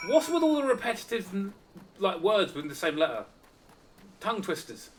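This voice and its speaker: A man's voice: high-pitched, sing-song, normal speed, long pauses, far from the mic. A man giving casual let's-play commentary, with muttered, self-deprecating asides. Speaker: gaming channel host. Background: faint game music.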